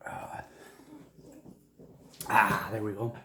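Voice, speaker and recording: A man's voice: on the low side, a little hiss or hum. A man chatting casually at home while eating a seafood meal on camera, talking with his mouth full and dropping Spanish exclamations between bites. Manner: slow and relaxed, mixing in Spanish exclamations. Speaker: food vlogger. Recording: roomy echo.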